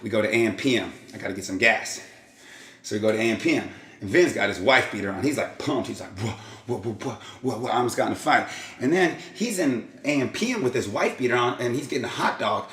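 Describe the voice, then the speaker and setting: A man telling a rambling, casual story on his vlog, often breaking into acted-out quotes and sound effects. His voice sits at an ordinary middle pitch. The sound bounces around an echoey room. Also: animated, fast talker, a bit bright. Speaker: vlog host.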